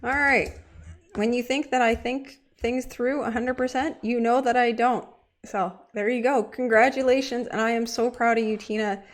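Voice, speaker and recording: A woman's voice: a little high, steady tone, moderate pace. A woman hosting a casual livestream, bubbly and gushing, talking straight to her chat viewers. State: getting teary-eyed. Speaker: livestream host.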